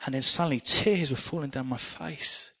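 A middle-aged man preaching a sermon, telling personal stories in an earnest, animated way. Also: mid-range voice, moderate pace, creaky, husky.

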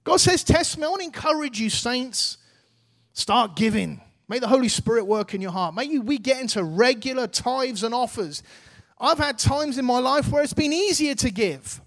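Guy preaching a sermon, really high voice for a man, earnest and urging, talks casual. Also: animated, moderate pace, fairly bright tone. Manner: earnest, exhorting, casual phrasing.

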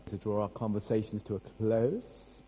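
A man's voice: fairly low pitch, normal speed, mellow, a little hiss or hum, poor audio. A young British man preaching a sermon as pastor, chatty and self-deprecating, joking with his congregation.

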